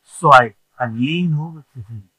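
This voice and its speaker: A male preacher telling a story in a sermon, animated and acting out the scenes with shouts. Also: mid-range voice, moderate pace, husky, dry recording, poor audio.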